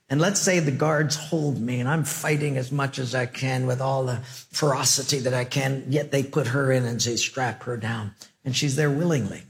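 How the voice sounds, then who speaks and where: Animated preacher man telling stories. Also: mid-range voice, moderate pace, gravelly. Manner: animated, joking, acts out dialogue. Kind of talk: sermon with storytelling.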